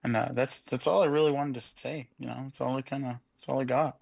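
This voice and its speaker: A man speaks earnestly and haltingly, with a flat and gravelly voice. The sound is dry and close, as on a video call. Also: medium pitch, dry recording. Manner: halting, many fillers and restarts, earnest. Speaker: meeting participant. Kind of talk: heartfelt thanks in a support meeting.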